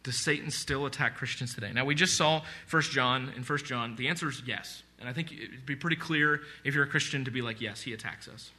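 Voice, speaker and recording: A male pastor delivering a sermon in an earnest, conversational way, often repeating himself for emphasis. His voice is bright and forceful, at a middle pitch for a man. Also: fairly quick, few pauses. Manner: earnest, conversational preaching with repetition and asides.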